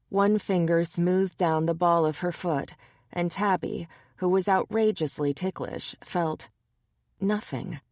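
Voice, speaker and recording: Woman audiobook narrator, low voice, dry close mic, measured. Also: darkish tone, no echo.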